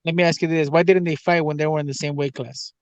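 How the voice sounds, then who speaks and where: A man's voice: on the high side, fairly even intonation, quick pace. A man co-hosting a boxing chat on a video call, talking casually and restarting his sentences as he hesitates. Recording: dull lo-fi call audio.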